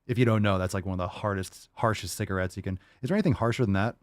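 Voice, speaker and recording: Man, low voice, dry close sound, casual profane q&a host, rambling. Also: racing, dry recording. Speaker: podcast host answering viewer questions. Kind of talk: casual livestream Q&A.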